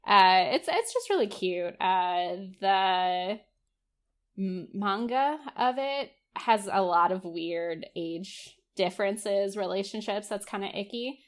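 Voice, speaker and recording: A woman's voice: medium pitch, animated, takes it slowly. A young woman co-hosting a podcast in casual chat, talking freely with many fillers. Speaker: podcast co-host.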